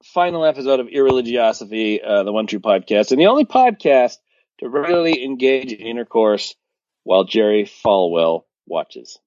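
A man's voice: fairly low pitch, lively intonation, moderate pace, darkish tone. A man hosting a podcast in casual comedic chat, delivering dry, sarcastic jokes. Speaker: podcast host. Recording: dull lo-fi sound.

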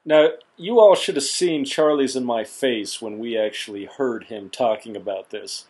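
A man's voice: mid-range voice, normal speed, darkish tone. A man co-hosting a podcast in casual, skeptical chat, blunt and wisecracking. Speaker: podcast co-host.

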